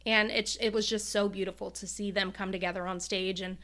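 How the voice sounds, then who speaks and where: A woman's voice: medium pitch, flat delivery, fairly quick, sharp tone. A woman co-hosting a podcast in casual chat, retelling a story emotionally with many fillers. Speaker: podcast co-host.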